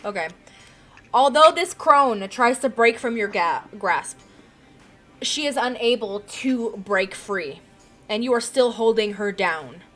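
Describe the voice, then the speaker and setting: A woman's voice: on the high side, animated, takes it slowly, fairly bright tone, faint music behind. A woman acting as game master for a tabletop role-playing session, chatty and giggly, sometimes losing track and swearing.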